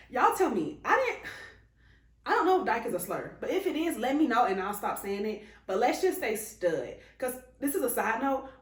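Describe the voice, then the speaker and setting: A young adult woman telling a casual, profane story to her viewers as a vlogger, laughing often as she talks. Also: mid-range voice. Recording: echoey room.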